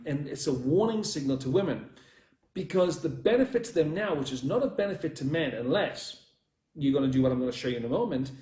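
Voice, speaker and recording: A man's voice: mid-range voice, a little mellow, echoey room. A man coaching viewers on dating during a live stream, talking bluntly and rambling, swearing freely and calling out to people watching.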